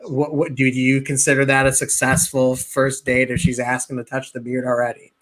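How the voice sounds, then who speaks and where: Bright-voiced friendly male podcast host. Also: medium pitch, little pitch movement, brisk. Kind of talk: casual podcast chat.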